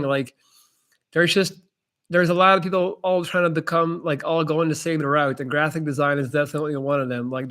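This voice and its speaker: A young man with a slightly high voice hosts a casual live-stream chat. He gives blunt, laid-back advice to viewers, full of "like" and "man". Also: fairly bright tone. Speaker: host answering chat questions.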